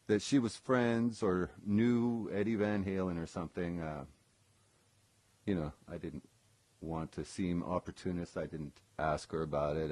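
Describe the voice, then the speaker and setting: A man's voice: low voice, a little mellow, no echo. A man, a former session guitarist, telling a personal story in a casual live stream, rambling with lots of ums and self-corrections.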